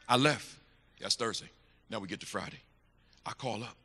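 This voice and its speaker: A middle-aged man telling a story from the pulpit in a church, emphatic and animated, swinging to hushed asides. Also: medium pitch, moderate pace, pauses often. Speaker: church speaker. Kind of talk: storytelling sermon. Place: church sanctuary. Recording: echoey hall.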